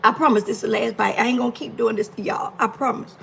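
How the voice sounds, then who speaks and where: Gravelly playful woman hosting a livestream. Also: a little high, fairly even intonation, fast talker, a bit bright, a little hiss or hum, poor audio. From Miami. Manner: playful, teasing viewers, drawling African American Vernacular speech. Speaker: cooking livestream host. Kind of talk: casual livestream chat. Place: home kitchen.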